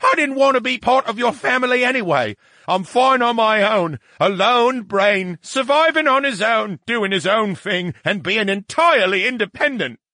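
A man's voice: sits high, animated, moderate pace, sharp tone, no echo, clean studio sound, pitched above the performer's own voice, exaggerated voice. A man voicing a touchy male disembodied brain, petulant and sulky, in a story reading.

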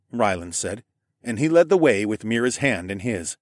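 Lively male audiobook narrator. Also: fairly low pitch, moderate pace, no room sound, clean studio sound. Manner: expressive storytelling. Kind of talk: first-person audiobook narration.

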